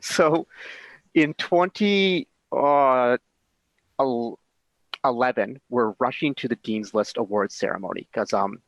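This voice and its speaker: A man's voice: medium pitch, slow, no echo, low-quality recording. A man hosting a casual chat, enthusiastic and laid-back, jumping in with his own stories. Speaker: host.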